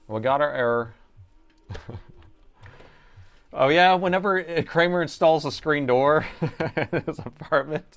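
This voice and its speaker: A middle-aged man talks loosely through a laptop repair on a live stream. He jokes with viewers and reads their chat aloud as he works, in a relaxed, chatty way. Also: medium pitch, clean tone. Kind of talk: casual live-stream chat while working.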